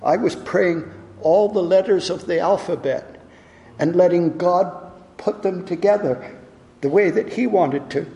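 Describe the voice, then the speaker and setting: A trusting little girl speaks in a high, halting voice that stumbles over its first words, as a male preacher puts her on. The sound carries a long echo from a big hall. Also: creaky, mellow.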